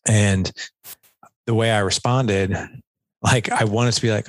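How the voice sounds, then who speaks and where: A man with a fairly low voice talks through relationship advice as a podcast guest, loose and conversational, often slipping into quick acted-out lines of dialogue. The recording is dry and close, with no room sound around him. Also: fairly even intonation, dry recording. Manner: conversational, filler-heavy, acts out quoted dialogue. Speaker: podcast guest, men's coach.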